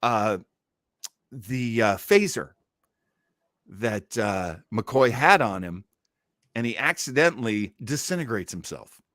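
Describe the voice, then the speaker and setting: A man co-hosting a casual podcast, retelling an old TV episode with lively asides. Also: lowish voice, takes it slowly, long pauses, no echo, clean studio sound. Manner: animated, retells scenes with acted-out quotes. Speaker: podcast co-host. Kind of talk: casual episode review chat.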